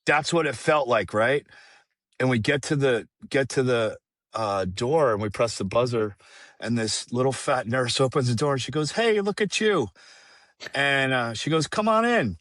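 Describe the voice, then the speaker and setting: A man's voice: mid-range voice, moderate pace, fairly bright tone, no room sound, studio quality. A middle-aged man telling a candid personal story, rambling and profane, with frequent restarts. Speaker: guest singer.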